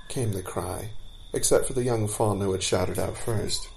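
A man narrating a storybook in an expressive, measured way. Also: fairly low pitch, low-quality recording.

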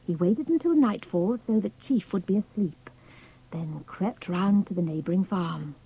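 Husky woman reading a children's story. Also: fairly low pitch, moderate pace, dull audio. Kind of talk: scripted narration of a children's story.

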